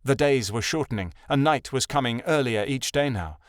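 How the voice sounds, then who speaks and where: A young adult fantasy audiobook is narrated by a man whose mid-range voice stays steady and measured through the scripted text. The sound is clean studio quality, free of any room ambience.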